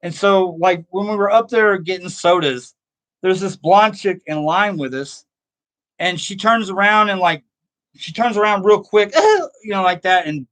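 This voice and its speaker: A middle-aged man hosts a casual horror show, wandering through a personal story and viewer comments at an easy, chatty pace. He laughs at his own tales. His voice sits a little high for a man. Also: lively intonation, measured pace, fairly bright tone. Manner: rambling, self-amused, laughs often at own stories.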